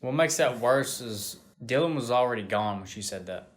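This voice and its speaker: A man's voice: mid-range voice, expressive, normal speed. Laid-back, swearing male co-host. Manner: laid-back and profane, slang-heavy commentary. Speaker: co-host reviewing a TV series. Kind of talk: casual chat.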